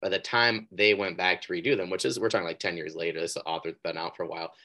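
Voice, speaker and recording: Deep-voiced man hosting an interview. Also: steady tone, pushed and bright, slight background noise. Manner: upbeat, quick reactions, rambling asides. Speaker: podcast host. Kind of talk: casual interview chat.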